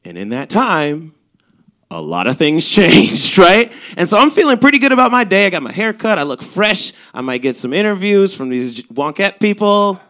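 Young male comic, animated storyteller, slightly high bright tone. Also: moderate pace. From Chicago's South Side. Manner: animated, swearing, acts out quotes. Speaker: stand-up comedian. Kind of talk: stand-up storytelling.

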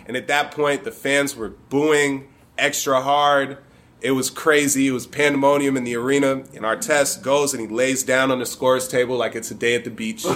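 A man from Michigan tells a loose, profane story for a live crowd, with laughter breaking into his lines. His voice is bright and forward, pitched in an ordinary male middle range. A faint hum sits behind him. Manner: casual, profane, chuckling often. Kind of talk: comic storytelling to a live audience.

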